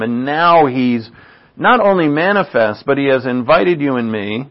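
A man's voice: fairly high pitch, expressive, normal speed. A man giving an informal, chatty sermon, often checking in with the listeners by asking "right?". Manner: chatty, asks "right?" often, laughs at own asides. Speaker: preacher. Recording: dull lo-fi recording.

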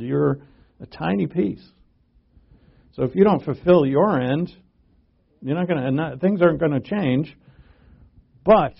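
A man preaching a sermon in a conversational way, growing animated when he acts out quotes. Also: on the high side, gravelly, husky. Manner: conversational, animated when quoting, asides and chuckles. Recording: dull lo-fi recording.

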